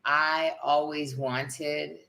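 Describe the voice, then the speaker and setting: Very low-voiced chatty American woman. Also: extremely slow, gravelly. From United States. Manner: chatty, animated storytelling with voiced asides. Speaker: vlog co-host. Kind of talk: casual live chat.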